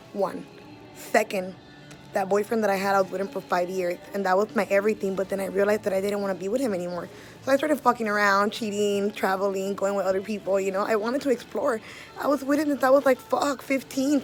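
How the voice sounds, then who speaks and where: A young woman from the Los area, an artist telling her own story in blunt, profane words, loud one moment and hushed the next. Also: medium pitch. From Los Angeles area. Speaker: street artist. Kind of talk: candid personal storytelling.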